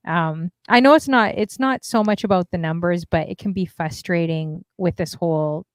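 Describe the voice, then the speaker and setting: Chatty low-voiced woman interview host. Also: normal speed, dry recording. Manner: chatty, exasperated, rambling with fillers. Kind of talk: casual conversational interview.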